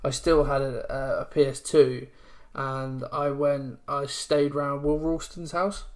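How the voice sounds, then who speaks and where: Young guy, mid-pitch, loose rambling podcast chatter. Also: flat delivery. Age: 20s. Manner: chatty, rambling, reads aloud haltingly. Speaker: podcast co-host. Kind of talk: casual chat.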